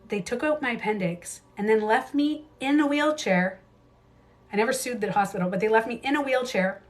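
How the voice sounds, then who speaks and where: A woman in her thirties hosting a casual livestream, telling her own stories candidly, swearing freely and jumping into quick asides. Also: mid-range voice. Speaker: beauty coach livestream host.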